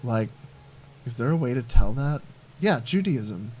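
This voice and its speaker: A let's play host with a medium-pitched, expressive, unhurried and slightly mellow voice rambles through casual commentary on a strategy game, thinking aloud with many fillers. There's a little hiss or hum.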